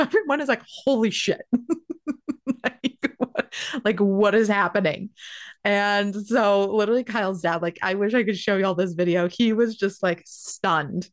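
A young woman telling a personal story in a casual, animated way, full of "like" and quick asides. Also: medium pitch. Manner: animated, chatty, heavy use of "like".

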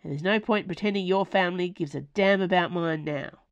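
A woman's voice: lowish voice, fairly quick, smooth, no echo, lo-fi sound, natural voice. A woman voicing a bitter, furious working-class woman who is scornful and hostile in a storybook reading. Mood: angry, scornful.

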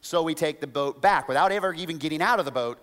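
A man preaching, telling a self-mocking story with animated, acted-out quotes. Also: fairly high pitch, quick pace. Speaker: pastor. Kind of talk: storytelling sermon. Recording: long reverb of a large hall.

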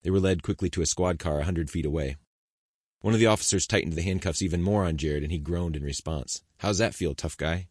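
A man reading an audiobook chapter in steady, measured scripted narration, close to the mic. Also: sits low, no room sound.

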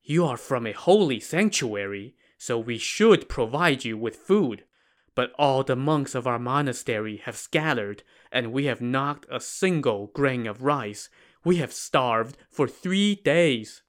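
A man voicing starving, frightened old monks who plead in a soft, tired way. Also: medium pitch, expressive, measured pace, lightly acted. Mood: weary. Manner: pleading, weary.

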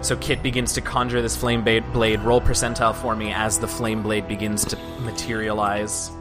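A man's voice: lowish voice, little pitch movement, normal speed. Game master, male, mid-range voice, narrates with small restarts over background music. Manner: descriptive, with hesitant restarts.

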